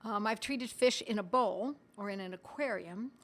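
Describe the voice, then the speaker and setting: A middle-aged woman teaching on a live stream in a chatty way, talking straight to her viewers and reading their comments aloud, with the odd cough and throat clearing. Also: mid-range voice, normal speed. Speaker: homeopathy educator hosting a live stream.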